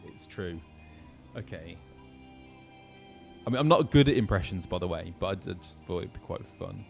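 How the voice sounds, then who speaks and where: A man's voice: low-pitched, expressive, moderate pace, vocal fry, faint music behind. A British man, a voice actor, chatting casually and self-deprecatingly while streaming a game. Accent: British English. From Britain. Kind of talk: casual gameplay chat.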